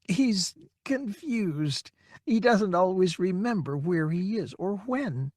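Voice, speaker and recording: A man doing a worried middle-aged woman, pitched high and hushed, who apologizes in a tired, urgent way. The reading is close and dry. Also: big pitch swings, a little slow, creaky, husky, no echo, full character voice. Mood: anxious, apologetic. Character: anxious middle-aged daughter, weary and apologetic.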